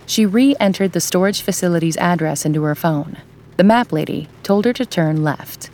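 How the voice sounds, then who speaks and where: Woman, audiobook narrator, lowish voice, calm, measured. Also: a little hiss or hum.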